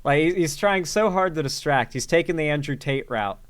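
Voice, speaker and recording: A man's voice: fairly high pitch, animated, a little fast, a bit bright, smooth. Sarcastic man doing reaction commentary. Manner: sarcastic, rambling. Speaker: commentary host.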